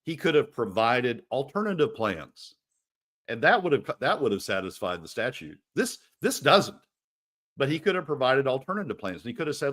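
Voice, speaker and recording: A man's voice: medium pitch, very animated, moderate pace, fairly bright tone. A man as a radio guest on policy, fervent and repetitive, his voice jumping up when angered. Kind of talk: political talk radio commentary.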